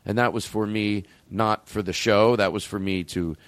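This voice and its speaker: A man's voice: on the low side, fairly even intonation, normal speed, no room sound. A man hosting a show in casual chat, rambling, cutting himself off and swearing freely. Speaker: podcast host.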